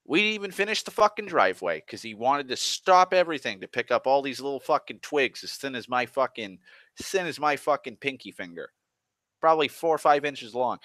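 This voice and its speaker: A man's voice: medium pitch, very animated, normal speed, a bit bright, dry recording. A man telling a work story as an exasperated, swearing rant, often restarting his sentences. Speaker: online storyteller. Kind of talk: profane rambling rant.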